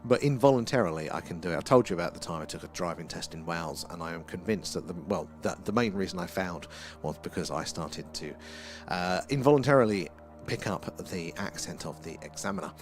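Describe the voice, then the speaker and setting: A man's voice: low-pitched, lively intonation, brisk, soft background music. A British man hosting a casual night-time livestream outdoors, rambling with many fillers as he chats with viewers. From United Kingdom. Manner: rambling, lots of fillers and repeated "there". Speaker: livestream host reading viewer chat. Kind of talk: casual live-stream chat.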